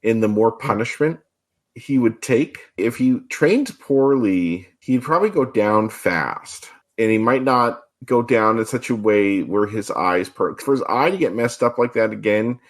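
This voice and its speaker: Man, podcast co-host, casual chat, thoughtful and quick, average pitch.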